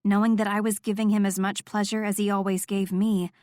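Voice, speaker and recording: A woman narrates a first-person romance audiobook, soft and intimate in her delivery. Her voice is mid-pitched and the recording is close and completely dry. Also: level tone, fairly quick, no echo.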